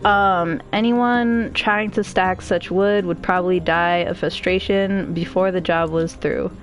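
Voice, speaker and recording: A woman's voice: lowish voice, fairly even intonation, measured pace, soft background music. A woman streamer reading a game's story aloud, breaking off for emotional, chatty reactions. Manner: emotional, chatty asides between narration.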